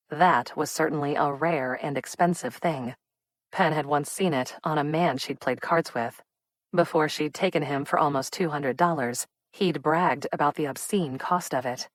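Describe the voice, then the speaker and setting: A woman narrating an audiobook in a measured storytelling manner. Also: low voice, no room sound. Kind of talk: scripted narration.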